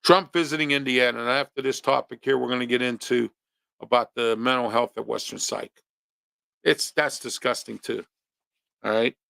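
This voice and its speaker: Guy ranting on his local show, bright gravelly voice, dry sound. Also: mid-range voice, fairly even intonation, normal speed, dry recording. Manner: ranting, rhetorical questions, emphatic. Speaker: host of a local opinion talk show. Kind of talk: opinionated monologue.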